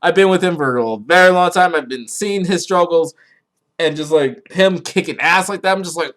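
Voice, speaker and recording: A young man hosting a podcast, rambling casually and swearing a lot, with his voice jumping up when he gets excited. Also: moderate pace. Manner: rambling, profane, excitable, pitch jumps when worked up. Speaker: podcast host. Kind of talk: casual solo chat about anime.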